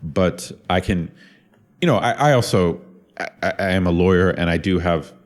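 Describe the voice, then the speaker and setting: This university lecturer from Ohio, USA, a middle-aged man, speaks at normal speed in a low-pitched voice while co-hosting a casual podcast. His thoughtful talk is full of restarts and repeated words.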